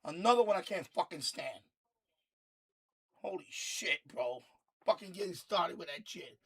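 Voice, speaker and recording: A man's voice: high voice, lively intonation, a little slow, fairly bright tone, slightly rough. A man hosting a live stream, ranting heatedly with lots of swearing and repeated phrases. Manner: heated, profane, repetitive ranting. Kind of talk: casual ranting commentary.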